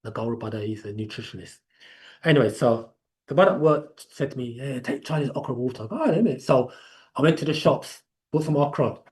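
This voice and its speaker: A man's voice: medium pitch, fairly quick, a little mellow. A man with an English accent hosting a live online class in a chatty, rambling way. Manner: chatty, rambling, laughs easily. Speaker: class host. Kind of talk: casual live class talk.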